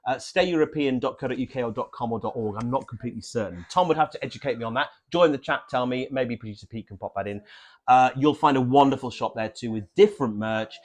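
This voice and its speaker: A man's voice: medium pitch, fast talker. A man from Norfolk co-hosting a live stream, chatty and rambling, often correcting himself. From Norfolk, England. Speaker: livestream co-host. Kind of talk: casual livestream hosting.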